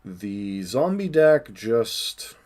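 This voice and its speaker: A man's voice: lowish voice, very animated, drawn-out words, a little mellow. A man giving casual, dry, resigned commentary while playing a card game online.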